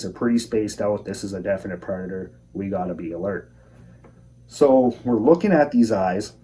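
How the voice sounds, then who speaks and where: A young man calmly telling his own outdoor encounter story in a measured, plain-spoken way. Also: on the low side. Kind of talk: first-person encounter storytelling. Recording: voice a bit far from the mic.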